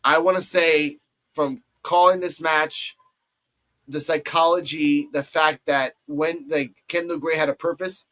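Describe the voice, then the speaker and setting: Animated man recapping a wrestling match. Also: unhurried, low-quality recording. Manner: animated, acts out quotes in high voices. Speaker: wrestling review show host. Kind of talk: excited play-by-play recap.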